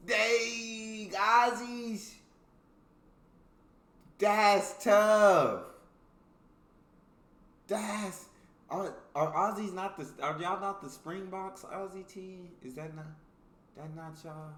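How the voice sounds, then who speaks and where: A man's voice: sits high, takes it slowly, long pauses, fairly bright tone, reverberant. Laughing American man reading jokes. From United States. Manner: laughs often, reacts loosely between readings. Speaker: reaction video host. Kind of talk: casual reaction commentary, reading jokes aloud.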